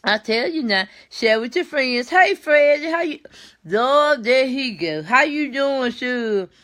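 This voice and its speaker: An older woman, chatting warmly on a live stream and greeting viewers by name. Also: on the high side, expressive, takes it slowly. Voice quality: warm, folksy. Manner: chats with viewers by name, repeats herself, laughs easily. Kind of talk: casual live chat with viewers.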